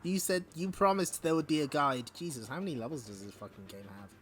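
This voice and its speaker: A man's voice: on the high side, sing-song, quick pace. A man hosting a stream, giving wry, profane commentary while reading a comic aloud. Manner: wry, swears, laughs often. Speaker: streamer host. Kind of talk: casual comic read-along commentary.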